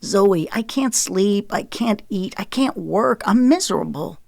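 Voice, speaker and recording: A woman's voice: mid-range voice, expressive, normal speed, darkish tone, no room sound, studio quality. A woman voicing a remorseful husband who pleads over the phone in an audiobook. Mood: pleading. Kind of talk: audiobook character voice.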